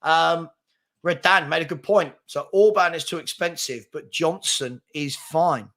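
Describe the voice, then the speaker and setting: A football channel host in his 40s speaks at a measured pace in a slightly high, somewhat bright voice. Tired from starting early, he reads viewer comments on his casual live chat stream, rambling and poking fun at himself.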